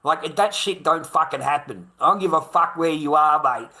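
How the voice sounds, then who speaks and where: An Australian man holding forth in a casual monologue, his voice sitting a bit high and coming out hard and tense. He talks bluntly and swears constantly, driving his points home with repeated rhetorical questions. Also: moderate pace, sharp tone. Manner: blunt, heavily profane ranting.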